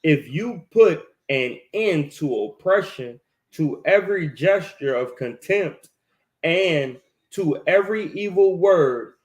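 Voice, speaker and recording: A man reading scripture aloud in a Bible study, halting and deliberate, with "uh" fillers. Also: on the high side, expressive.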